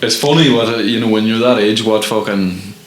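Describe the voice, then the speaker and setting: A man's voice: lowish voice, steady tone, fairly quick, reverberant, a little hiss or hum, low-quality recording. A man co-hosting a podcast, chatting in a laid-back, sweary way. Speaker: podcast co-host. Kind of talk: casual podcast banter. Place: recording studio.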